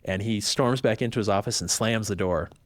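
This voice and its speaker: A man's voice: on the low side, fairly quick, no room sound. A man, a podcast guest, telling a personal story in casual chat and acting out the voices of the people he quotes. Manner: animated, acts out quoted voices.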